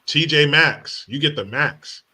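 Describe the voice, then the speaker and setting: A man's voice: fairly high pitch, a little slow, bright, forceful tone. A man hosting a comedy podcast who delivers profane, mocking rants. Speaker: podcast host.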